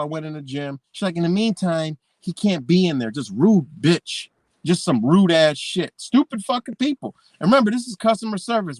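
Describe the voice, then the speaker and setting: A man's voice: fairly high pitch, no room sound. A man hosting a live talk stream, ranting bluntly with heavy swearing and mimicking the people he quotes. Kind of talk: profane ranting monologue.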